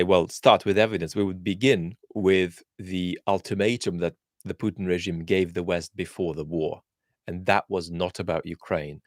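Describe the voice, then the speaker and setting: A man's voice: low-pitched, no echo, clean studio sound. A man born in Russia hosting a live question-and-answer chat, thinking aloud and answering viewers with frequent ums and restarts. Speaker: host.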